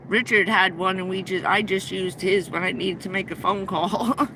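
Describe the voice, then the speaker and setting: A woman's voice: medium pitch, steady tone, moderate pace, background noise. A middle-aged woman hosting a livestream, telling a long, rambling anecdote with many restarts in a casual way. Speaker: livestream host. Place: inside a vehicle.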